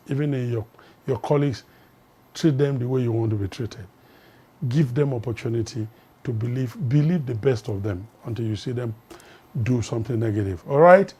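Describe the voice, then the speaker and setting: Older male life coach and pastor, mellow husky voice, emphatic teaching delivery that repeats its key phrases. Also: mid-range voice. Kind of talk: recorded motivational teaching talk.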